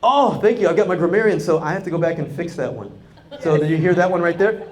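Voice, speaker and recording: A man giving a live, energetic talk to a conference audience, acting out quoted dialogue and speaking straight to the crowd. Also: on the high side, fast. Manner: energetic, animated, acts out quoted dialogue, talks directly to the crowd. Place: conference hall.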